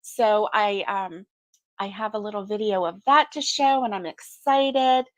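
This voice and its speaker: A woman's voice: medium pitch, measured pace, no echo. A middle-aged woman hosting a casual morning crochet livestream, chatty and sleepy, yawning now and then as she greets viewers. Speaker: crochet channel host.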